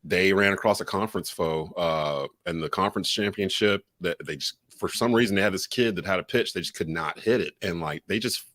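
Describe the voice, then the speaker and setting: A man's voice: low voice, fairly quick, few pauses, no echo, studio quality. A man from North Carolina co-hosting a sports podcast, talking casually with plenty of "uh" and "like". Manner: relaxed, fillers like "uh" and "like". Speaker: podcast co-host, local sports broadcaster.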